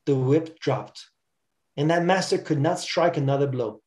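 A male preacher tells a story during a sermon, reading it aloud in an earnest, measured way. He sometimes stumbles over a word and then picks it back up. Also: fairly high pitch, a little mellow.

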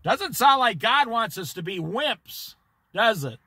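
Lively, bright-voiced man preaching. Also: sits high, takes it slowly, breathy edge, no room sound. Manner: emphatic, conversational preaching with asides to listeners. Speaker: Bible study teacher. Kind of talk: informal Bible study sermon.

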